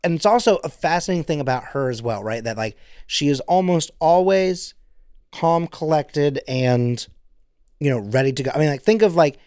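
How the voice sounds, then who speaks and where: A man's voice: a little high, expressive, normal speed, darkish tone, clean tone, no echo, studio quality. A man co-hosting a podcast in casual chat, rambling with many fillers and acting out quotes. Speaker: podcast co-host.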